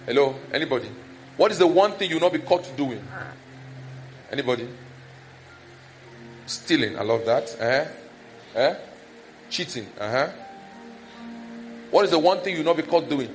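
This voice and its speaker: Soft background music accompanies a Nigerian-accented pastor whose voice is on the high side, moderate in pace, with frequent pauses. Preaching animatedly, he acts out scolding and village gossip in a raised voice.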